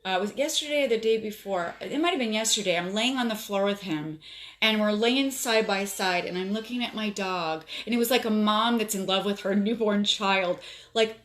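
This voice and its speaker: A woman's voice: mid-range voice, normal speed, a bit bright. A woman from South Florida chatting on a home live stream from her phone, telling a story with lots of fillers and emotion. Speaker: livestream host. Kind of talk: casual live stream chat.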